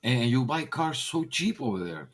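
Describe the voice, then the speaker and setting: A middle-aged man chatting casually on a voice call, telling lively stories and acting out old-timers in a high voice. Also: normal speed. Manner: animated storyteller who acts out old-timers in a high voice. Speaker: discord caller. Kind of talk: casual chat. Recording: voice chat over discord.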